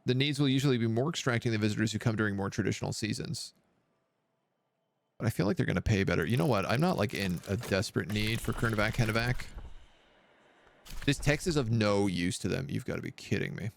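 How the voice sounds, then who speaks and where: Brief: male streamer, live gameplay commentary, mid pitch, gravelly fry, lively up-and-down delivery. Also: fast talker. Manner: thinking aloud, muttering over choices.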